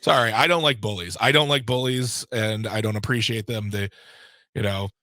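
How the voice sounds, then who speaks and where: A man's voice: on the low side, moderate pace, bright, forceful tone, no echo. A man co-hosting a radio show from a studio, talking casually and passionately, rambling with fillers and restarts. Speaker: board operator and co-host. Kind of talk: casual talk radio chat. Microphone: studio microphone.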